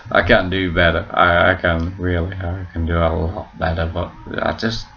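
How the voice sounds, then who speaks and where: A man's voice: low-pitched, flat delivery, unhurried, dull audio. A man vlogging at home, rambling through a joking, self-mocking monologue full of swearing.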